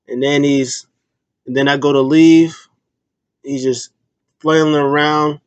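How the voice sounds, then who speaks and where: A man's voice: fairly high pitch, takes it slowly, long pauses, clean tone, dry recording. A man casually recapping a wrestling show, retelling it in slang with lots of fillers and acted-out quotes. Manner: animated storytelling, slangy, acts out quotes, many fillers.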